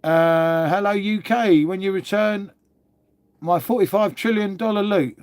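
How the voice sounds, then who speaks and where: An Englishman with a slightly higher voice than most men chats casually on a livestream, answering viewers as he goes. He's blunt, swears freely and drops "mate" into nearly every sentence. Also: unhurried, a little mellow, clear, resonant tone. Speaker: livestream host.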